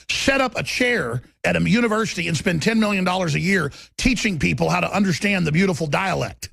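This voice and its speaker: Gravelly, raspy ranting talk radio man. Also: sits high, lively intonation, fairly quick, hardly any pauses, a bit bright, no echo, studio quality. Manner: combative, ranting, emphatic.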